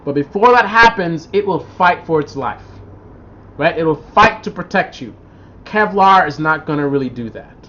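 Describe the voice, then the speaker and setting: High-voiced man chatting on a lo-fi livestream. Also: moderate pace, slight background noise. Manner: rambling, animated storytelling, reads out viewer comments. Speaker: livestream host. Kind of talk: casual live-stream chat. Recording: dull lo-fi livestream audio.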